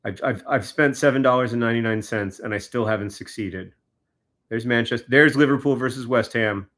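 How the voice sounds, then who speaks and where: Guy venting wryly on a livestream, mid-pitched, talks right to the chat. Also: brisk, fairly bright tone. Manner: exasperated, wry running commentary, talking to viewers. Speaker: livestreamer signing autographs.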